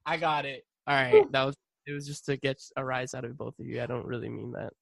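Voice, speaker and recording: A man's voice: medium pitch, brisk, creaky, no echo. A man co-hosting a casual podcast, teasing and playful with slangy talk. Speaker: podcast co-host. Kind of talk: casual chat.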